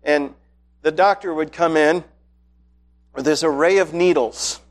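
A pastor giving a sermon to his congregation in a conversational, storytelling manner that builds in excitement. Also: fairly high pitch, a little slow. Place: church hall with congregation.

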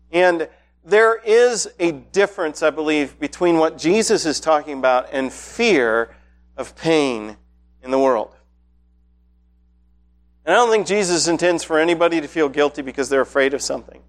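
A pastor giving a sermon to his congregation in a conversational, storytelling manner that builds in excitement. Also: on the high side. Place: church hall with congregation.

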